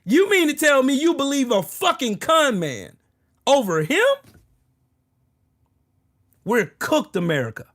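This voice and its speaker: A man's voice: very high voice, sing-song, moderate pace, fairly bright tone. A man hosting his own political commentary video, ranting angrily and profanely, full of sarcasm and repeating short phrases for emphasis. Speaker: political commentary channel host.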